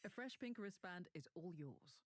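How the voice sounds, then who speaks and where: A woman voicing a game's guide character with crisp, upbeat instructions. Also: lowish voice, animated, moderate pace, dry recording. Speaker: in-game guide voice. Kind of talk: scripted game announcements.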